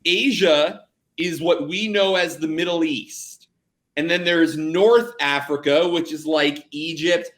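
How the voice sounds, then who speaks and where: High-voiced joking podcast host. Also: male voice, slow. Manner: energetic, jokey, hypes things up. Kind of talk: casual betting podcast chat.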